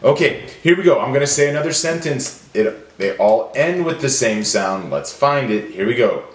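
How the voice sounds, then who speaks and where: A man leading a phonemic awareness drill for children, stretching each word out slowly and clearly. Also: medium pitch, very animated, roomy sound, background noise. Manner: slow, drawn-out, deliberate enunciation. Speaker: teacher.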